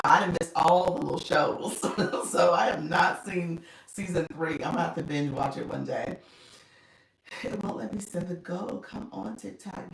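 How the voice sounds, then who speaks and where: A woman's voice: fairly low pitch, gravelly. A woman coaching on a casual livestream, thanking viewers by name and laughing often. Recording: echoey room, mic at a distance.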